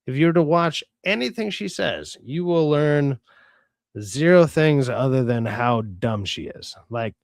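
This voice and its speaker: Reading chat aloud on his livestream, a young man goes on an exasperated, foul-mouthed rant, stumbling and restarting often. He speaks unhurriedly at a medium pitch with lively intonation, and the studio-quality audio has no room sound.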